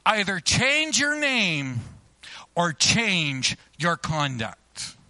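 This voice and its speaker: A stern ancient general, commanding and intense, barks his questions at a soldier he has caught asleep, as a preacher puts him on. The voice rides up and comes out louder when he demands an answer, sharp and bright in tone. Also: high voice, moderate pace, dry recording. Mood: stern demanding.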